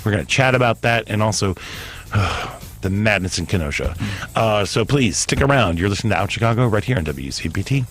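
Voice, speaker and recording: A man's voice: on the low side, expressive, a bit bright, soft background music. A man, hosting a casual radio talk show, playful and jokey, with live ad reads. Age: 40s. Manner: playful, jokey, quick to do silly voices.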